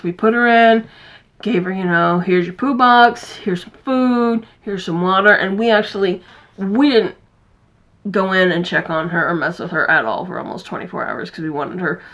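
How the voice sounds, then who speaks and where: A woman chatting casually to camera from her home. She rambles through her story and breaks off to coo at her cats in a high sing-song. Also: a bit bright. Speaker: crafting vlogger.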